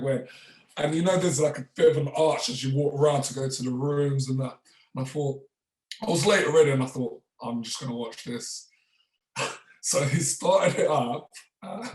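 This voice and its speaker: A man, a former rugby player guesting on a podcast, telling casual anecdotes with frequent chuckles and acted-out quotes. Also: a little high. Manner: relaxed, chuckles often, acts out others' lines. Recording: roomy, distant mic.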